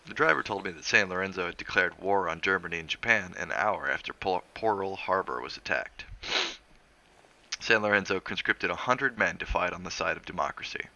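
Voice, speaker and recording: A man reads a novel aloud in a steady, measured way. His voice sits very low with a gravelly fry, yet it comes through bright and forceful. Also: dull audio. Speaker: reader of a novel on a stream.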